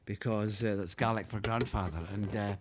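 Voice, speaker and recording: Relaxed Scottish man chatting between songs. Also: on the low side, moderate pace, slight background noise. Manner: relaxed and rambling, gentle chuckles, homely storytelling. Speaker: singer-songwriter hosting a live music stream. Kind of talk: casual chat between songs.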